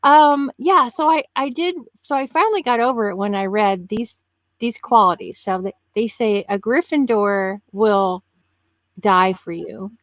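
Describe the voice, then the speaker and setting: A woman in her fifties, a podcast guest in casual chat, telling stories in an animated way and laughing often. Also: medium pitch, measured pace, no echo. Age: 50s.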